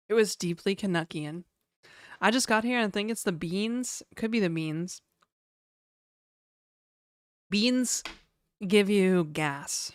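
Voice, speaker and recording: Rambling woman streamer reading chat; smooth voice, dry close mic. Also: medium pitch, animated, extremely slow, pauses often, dry recording. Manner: rambling, chatty, reads chat aloud. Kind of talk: casual live-stream chat.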